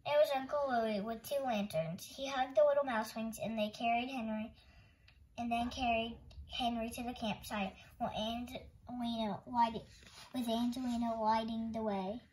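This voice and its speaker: Gentle woman reading a children's story. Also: on the high side, steady tone, normal speed, a little hiss or hum, poor audio. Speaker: storytime host reading a picture book. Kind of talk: children's read-aloud narration.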